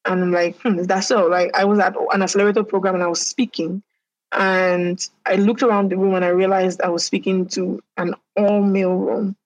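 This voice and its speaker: A woman from Nigeria, an entrepreneur, speaking as a podcast guest in a measured, thoughtful way. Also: mid-range voice, level tone, rough recording. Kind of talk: casual interview.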